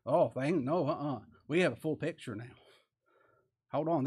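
A man preaches in a folksy, animated way with a slightly high voice. He reads scripture slowly and with weight, then drops to quiet asides. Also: breathy edge. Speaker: pastor. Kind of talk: sermon.

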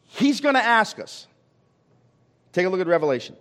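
Male pastor, fairly high, animated voice, call-and-response sermon, long hall reverb. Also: normal speed. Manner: asks the congregation questions, repeats phrases for emphasis. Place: church sanctuary.

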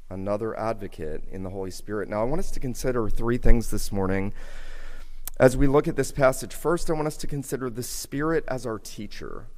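A man preaching a sermon in a church, earnest and measured, repeating key phrases for emphasis. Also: mid-range voice, darkish tone. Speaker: pastor. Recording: reverberant hall.

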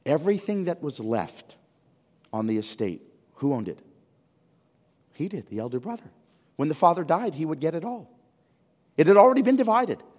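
A male pastor preaching a sermon to his congregation, dramatic and full of rhetorical questions, swinging from near-shouting to hushed. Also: fairly high pitch, big pitch swings, moderate pace, pauses often. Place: church. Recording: long reverb of a church hall.

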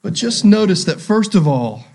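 Man preaching a sermon, fairly high voice. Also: sing-song, normal speed, a little mellow. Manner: preaching with rhetorical questions and repetition. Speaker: pastor.

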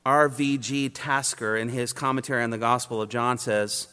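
A man's voice: medium pitch, steady tone, moderate pace, pushed and bright, clear, resonant tone, in a large hall. A man preaching an expository sermon, emphatic and driving his points home in repeated triads.

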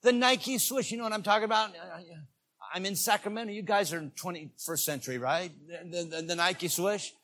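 A man preaching as a visiting evangelist, talking directly to the congregation and climbing into loud, shouted peaks on key words. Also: high voice, brisk. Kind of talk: sermon. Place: church.

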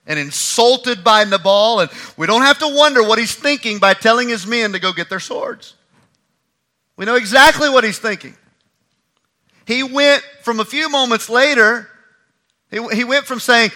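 A male pastor delivers a sermon in a high, very bright voice. He moves through the passage with animated emphasis and briefly acts out the lines he quotes. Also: measured pace.

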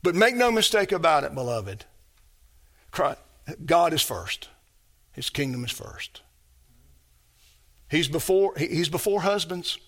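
A man preaching a sermon as pastor, emphatic and repetitive, building his phrases up to shouts. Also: a little high, expressive, slow pace, long pauses.

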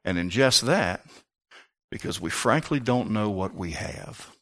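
A man preaching a sermon with passion, rising to near-shouts and firing rhetorical questions at the congregation. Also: fairly low pitch, expressive, measured pace. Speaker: pastor.

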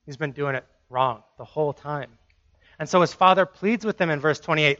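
Bright-voiced high male preacher, dry lo-fi. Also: moderate pace, dry recording. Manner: emphatic, repeating phrases for stress. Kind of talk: sermon.

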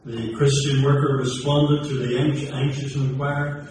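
Sing-song preacher in an echoey hall. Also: male voice, mid-range voice, flat delivery, normal speed, few pauses. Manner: impassioned, rising and falling between loud and hushed. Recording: very echoey hall from far off with faint noise.

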